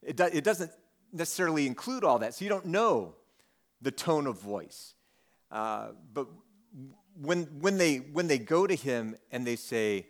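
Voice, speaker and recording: A man's voice: a little high, sing-song, unhurried. A man teaching a Bible passage in a conversational way, reading the text and then acting out the disciples' lines with humor. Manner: conversational, acts out quotes with humor. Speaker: preacher.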